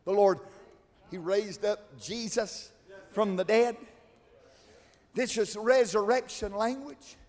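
A man preaching a sermon, swinging between shouted, chanted climaxes and quiet, conversational asides. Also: sits high, slow, pauses often. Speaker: pastor. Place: large church. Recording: long reverb of a church hall.

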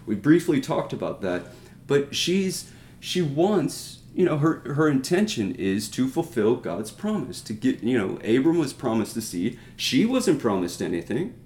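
An earnest man leads a Bible teaching in a loose, conversational way, explaining and restating his points. His voice sits at an ordinary pitch for a man. The recording carries a roomy echo. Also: big pitch swings, unhurried, a little mellow, slight background noise. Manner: earnest, explanatory, with frequent restarts and rhetorical asides.

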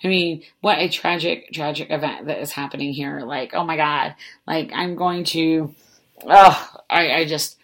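Low-voiced woman podcast host; rambling, self-mocking solo storyteller who swears casually and fills with "like". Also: measured pace.

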